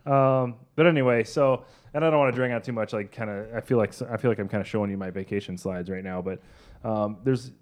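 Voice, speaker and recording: A man's voice: on the low side, fast, a little mellow. A man co-hosting a podcast in casual chat, rambling and self-deprecating with many fillers. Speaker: podcast co-host.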